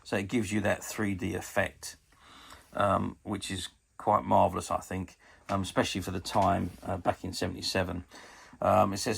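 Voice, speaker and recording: A man's voice: deep voice, little pitch movement, vocal fry, fairly bright tone, breathy edge. A man in his fifties giving a chatty, hesitant show-and-tell review of a collectable toy book. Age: 50s. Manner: chatty and hesitant, often pausing with ums.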